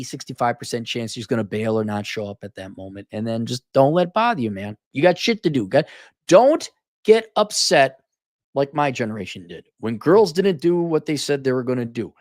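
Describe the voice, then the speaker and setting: In casual livestream commentary, a middle-aged man goes through viewer donations and responds in a profane, sarcastic, blunt manner, often doing mocking impressions. His pitch is medium. The sound is dry and clean, captured on a studio mic in a home room with soundproofing panels.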